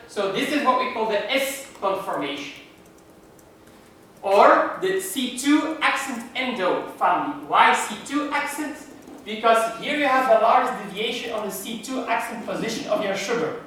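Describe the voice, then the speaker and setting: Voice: mid-range voice, expressive, measured pace, fairly bright tone, a little hiss or hum. Lecturer in an echoey hall, far off. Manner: explains step by step with rhetorical questions. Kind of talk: university lecture.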